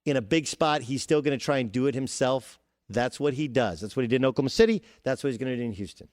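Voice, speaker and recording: A man hosting a sports talk show, arguing his points forcefully with everyday analogies. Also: mid-range voice, quick pace, no echo, studio quality. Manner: emphatic, argues with everyday analogies. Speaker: fill-in sports talk host.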